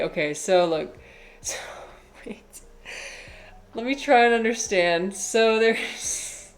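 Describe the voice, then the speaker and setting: A woman with a fairly low voice chats loosely on a live stream, rambling through fillers and side remarks. Her delivery is mostly flat and low-key, in the easy way she talks while she teaches. A faint hiss sits under the recording. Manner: chatty and rambling, many fillers, laughs while talking. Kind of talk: casual live-stream chat.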